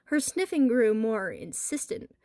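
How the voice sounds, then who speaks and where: A woman narrating a horror story in a lively, expressive way with a wry edge. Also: fairly high pitch, measured pace, no room sound, studio quality.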